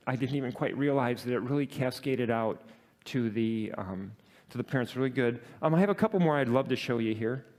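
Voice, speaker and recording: A man's voice: mid-range voice, a little mellow. Man telling a story with many fillers. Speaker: presenter telling a work story. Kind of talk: storytelling talk to an audience.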